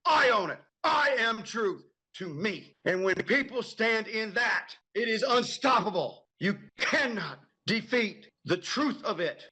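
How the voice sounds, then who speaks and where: High-pitched, fiery American man ranting. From United States. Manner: angry, profane, shouting in bursts. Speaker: guest. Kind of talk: impassioned political rant.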